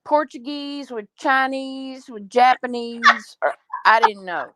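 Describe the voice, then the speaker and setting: A woman chatting casually with friends, telling playful stories in an animated way. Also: on the high side, slow, background noise. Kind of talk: casual chat among friends.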